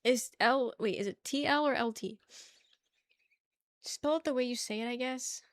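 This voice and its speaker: A woman's voice: fairly high pitch, normal speed, dry recording. A woman chatting casually with her live-stream chat, laughing often and arguing playfully. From New York.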